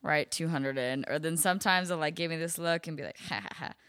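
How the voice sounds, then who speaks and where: A young woman talks in a low, smooth, resonant voice, spilling work stories in loose casual chat. Her speech is peppered with "like" and easy swearing, recorded close and dry. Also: a little fast, a bit bright, no room sound. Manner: chatty, frequent "like" fillers, swears freely. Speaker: bottle service waitress, podcast guest.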